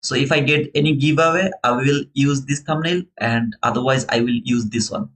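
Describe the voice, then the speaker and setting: A man's voice: mid-range voice, normal speed, a bit bright, poor audio. Chatty man with a non-native English accent. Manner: chatty and earnest, greets viewers as brother. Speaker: live-stream futures trader and host. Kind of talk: casual live trading commentary.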